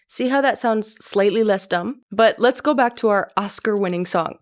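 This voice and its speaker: A young woman talks through a music breakdown with a wry, sarcastic edge, often breaking into laughter. Her voice sits at a middling pitch, and her tone is casual and conversational, as if recording a video essay. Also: moderate pace. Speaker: music commentary YouTuber. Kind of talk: video commentary.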